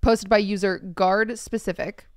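A young woman hosting a podcast, chatting casually and reading online posts aloud in a measured, wry tone. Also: medium pitch, fairly even intonation, a little mellow, smooth, no echo, studio quality. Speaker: podcast host.

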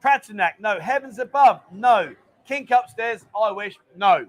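A man's voice: high-pitched, animated, a little slow. A man hosting a casual livestream from his bar lounge, chatting and reading out viewer comments. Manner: chatty, banter-filled, reads viewer comments aloud. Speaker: bar owner and livestream host.

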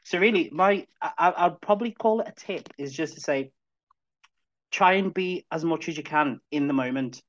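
A man's voice: fairly high pitch, moderate pace, fairly bright tone, muffled recording. A man in his thirties from Zambia, a podcast guest talking in an upbeat, chatty way with many restarts. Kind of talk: casual chat.

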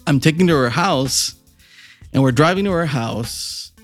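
A man co-hosts a casual podcast and tells his stories with lively swings of pitch, plenty of swearing and frequent laughter. His delivery is chatty and animated, and faint music sits behind him. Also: measured pace. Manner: animated, profane, laughing storyteller. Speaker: podcast co-host. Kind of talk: casual chat, storytelling.

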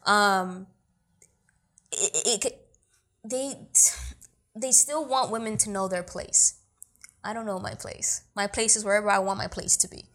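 A woman's voice: mid-range voice, steady tone, a little slow, pauses often, fairly bright tone. A young woman, talking bluntly and emphatically as an interview guest. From New York City. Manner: blunt, emphatic and streetwise, with repeated "you feel me". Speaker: guest, actor and producer. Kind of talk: casual interview talk.

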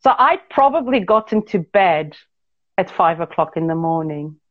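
A woman's voice: fairly low pitch, normal speed. Chatty woman spinning a story, muffled. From Portugal. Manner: chatty, animated, frequent self-corrections and asides to listeners. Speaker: guest telling her life story. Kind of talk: casual storytelling chat.

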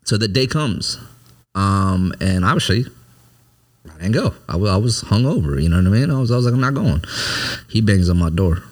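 A man's voice: low voice, animated, brisk. A man candidly telling a personal story in casual, profane conversation, often asking "you know what I mean". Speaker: service member telling his story.

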